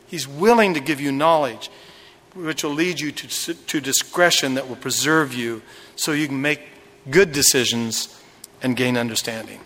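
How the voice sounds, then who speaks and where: A man's voice: fairly high pitch, a bit bright, in a large hall. A male pastor preaching a sermon, retelling a story dramatically with acted quotes.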